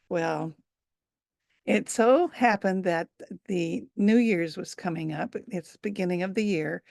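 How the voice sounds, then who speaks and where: A woman storyteller telling a folk tale at a live event, unhurried, with fillers and asides. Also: mid-range voice, lively intonation, creaky, a little mellow, no room sound, clean studio sound.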